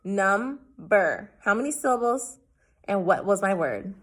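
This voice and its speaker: A young woman teaching a recorded class lesson, stretching out every word with slow, deliberate care. Her pitch sits in an ordinary middle range, and her unhurried pace gives each sound plenty of room. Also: very animated.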